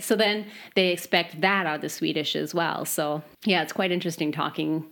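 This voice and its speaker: A woman from Michigan's Upper Peninsula with a softened Yooper accent, chatting casually and laughing often. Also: low voice, fairly even intonation, normal speed, gravelly. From Upper Peninsula of Michigan, USA. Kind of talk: casual conversation.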